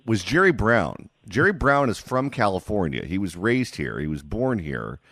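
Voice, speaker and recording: A man hosting a call-in radio talk show, jokey and quick to move between callers. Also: lowish voice, very animated, fairly bright tone, no room sound. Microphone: studio mic.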